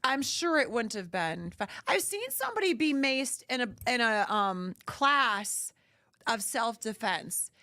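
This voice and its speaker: A woman's voice: on the high side, big pitch swings, unhurried, pushed and bright, no echo, studio quality. A woman radio host telling a long anecdote in casual chat, acting out the dialogue. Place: radio studio. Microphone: studio mic.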